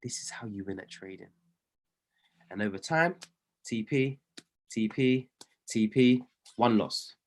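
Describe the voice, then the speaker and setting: Speaking at a measured pace with long pauses, a trading coach with a fairly low voice gives a motivational talk on a live video call. He's earnest and encouraging, repeats phrases for emphasis, and alternates loud pleading with hushed near-whispers.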